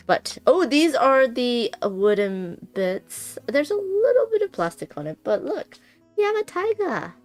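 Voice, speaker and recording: A woman's voice: medium pitch, slight background noise. A woman chatting casually and giggling as she unboxes a board game on a stream, thinking aloud as she goes.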